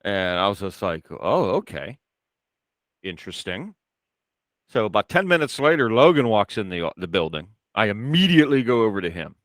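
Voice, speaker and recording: A man's voice: on the low side, sing-song, fast talker, hardly any pauses, a bit bright, dry recording. A man hosting a wrestling podcast in casual chat, telling stories with a teasing manner. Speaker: podcast host.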